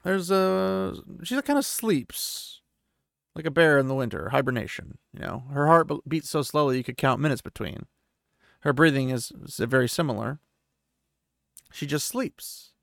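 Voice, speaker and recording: Cold, exacting sorceress read by a man, gravelly and dry, for a book-recap podcast. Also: on the high side, expressive, normal speed, fairly bright tone, dry recording. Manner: hard, precise, threatening. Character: stern, commanding woman sorceress.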